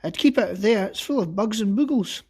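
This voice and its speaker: A man voicing an eager, worried young boy in a storybook reading, talking in an excited, pleading way. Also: high voice, brisk, husky, heavily acted. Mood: urgent.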